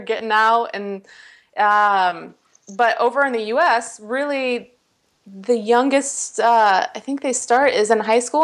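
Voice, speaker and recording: A woman's voice: on the high side, fairly bright tone. A woman speaking as a guest on a podcast, chatty and casual, with lots of fillers and restarts. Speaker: guest, Olympic rower.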